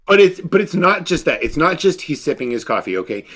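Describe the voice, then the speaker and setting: A man hosting a casual podcast film discussion, animated and full of fillers, often acting out little asides. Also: a little high, a little fast, breathy edge. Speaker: podcast host.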